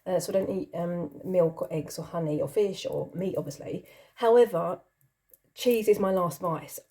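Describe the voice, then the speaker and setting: A woman's voice: fairly low pitch, normal speed, dark tone. A middle-aged woman chatting casually as she answers a list of questions, rambling, giggly and self-deprecating. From not from the country she lives in. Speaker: channel host.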